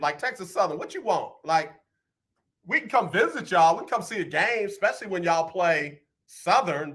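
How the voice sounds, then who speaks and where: An animated radio host in his fifties with a high, bright voice. He chats casually and playfully with callers and listeners, repeating lines for emphasis as he goes. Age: 50s. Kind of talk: casual radio talk, reading listener comments.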